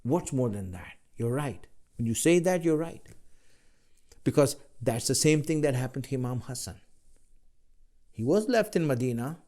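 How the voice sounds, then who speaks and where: A man giving a religious lecture, pressing his listeners with rhetorical questions in a measured, emphatic way. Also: medium pitch, lively intonation, darkish tone. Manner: rhetorical questions, role-plays the listener's replies.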